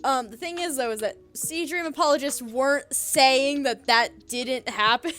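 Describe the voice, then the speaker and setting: A young woman co-hosting a fan podcast in casual chat, telling stories in an animated way with lots of laughs and fillers. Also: high-pitched, normal speed. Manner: giggly, animated storytelling with many fillers. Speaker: podcast co-host.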